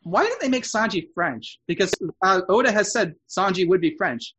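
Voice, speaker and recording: A man's voice: sits high, animated, moderate pace, pushed and bright, husky, highs cut off. Rambling male podcast host. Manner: rambling, with many fillers and restarts. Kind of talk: casual podcast chat.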